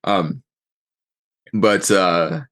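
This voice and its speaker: A man's voice: deep voice, fairly even intonation, very slow, a bit bright. A man narrating as game master, rambling and thinking aloud as he describes the scene.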